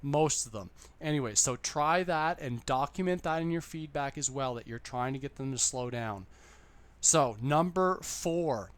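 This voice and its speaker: A man's voice: mid-range voice, animated, a little slow. A man who teaches English online, giving fellow teachers tips in an upbeat, chatty talk that keeps repeating its points. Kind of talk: casual how-to talk to camera.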